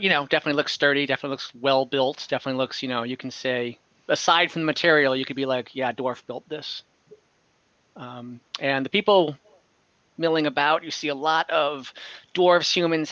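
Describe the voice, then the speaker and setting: Bright-voiced man running an online tabletop game. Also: on the high side, clean tone, dry recording, lo-fi sound. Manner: rambling, many fillers and restarts while describing scenes. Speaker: dungeon master. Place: online call from home.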